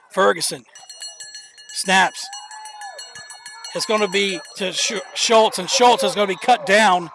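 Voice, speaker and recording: A young man calling a live high school football game as play-by-play commentator, excitable, openly nervous and rooting for his team. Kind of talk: live local sports commentary. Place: outdoor stadium bleachers. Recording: noisy outdoor stadium stream.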